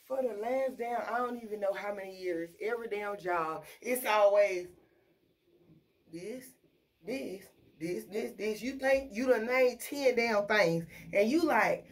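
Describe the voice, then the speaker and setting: Woman, fairly high voice, blunt, profane, venting casually. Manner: blunt, profane, venting about her fast-food job. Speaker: vlogger. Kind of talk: casual rant to camera.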